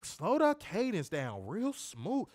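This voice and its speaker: A man's voice: sits high, wildly swooping pitch, slow pace, dry recording, clean studio sound. A man co-hosting a wrestling review show in loose, profane casual chat, laughing often as he tells stories. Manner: loud, profane storyteller who laughs often.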